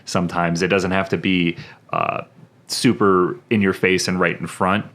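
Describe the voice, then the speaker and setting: Male co-host, very deep voice, enthusiastic, swears casually. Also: level tone, normal speed, fairly bright tone. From Arkansas. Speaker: podcast co-host. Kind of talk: casual film discussion.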